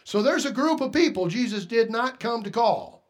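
Male preacher, high-pitched, emphatic sermon delivery with hushed-to-loud swings. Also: expressive, normal speed. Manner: rhetorical questions to the congregation.

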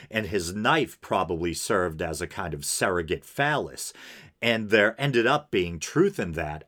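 A man's voice: deep voice, fairly bright tone. A man hosting a podcast, talking through a review in a loose, casual way with fillers and small laughs. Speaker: podcast host.

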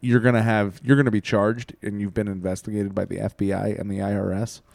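A man's voice: lowish voice, flat delivery, fairly quick, gravelly, a little mellow, dry recording. A man from Iowa co-hosting a podcast, casually chatting about politics with blunt, folksy interjections. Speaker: podcast co-host.

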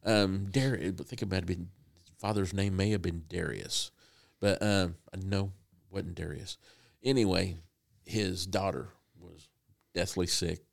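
A man preaching a sermon in a conversational, halting way with frequent restarts. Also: low voice, steady tone, vocal fry.

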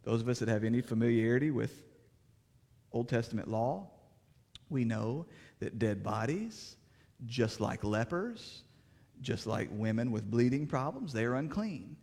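A man's voice: mid-range voice, gravelly. Fervent preacher man in an echoing hall. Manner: swings between fervent raised passages and hushed quiet ones. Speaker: pastor. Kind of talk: sermon. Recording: reverberant hall.

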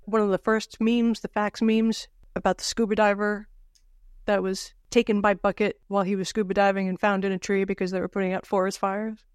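A woman co-hosting a casual book podcast, sardonic and animated, with the odd swear. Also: medium pitch, fairly quick, clear, resonant tone, no echo, studio quality. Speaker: podcast co-host. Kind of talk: casual book-club chat.

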